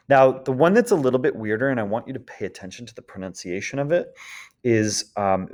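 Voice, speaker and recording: A man's voice: mid-range voice, animated, fairly quick, darkish tone. A man teaching French grammar in a patient, explanatory lecture, checking in often with his students. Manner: patient, explanatory, frequent "d'accord?" checks and "um" fillers.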